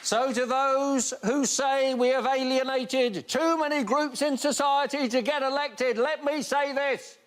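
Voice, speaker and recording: A man delivering deadpan one-liners on a comedy panel show. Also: extremely high pitch, unhurried, few pauses, a crowd in the background, background noise. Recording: distant mic in loud studio.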